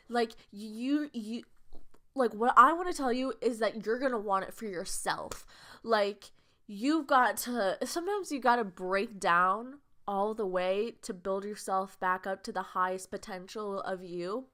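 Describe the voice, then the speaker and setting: A woman's voice: mid-range voice, a little slow, sharp tone. Earnest young woman rambling heartfelt. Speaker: vlogger. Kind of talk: casual podcast monologue.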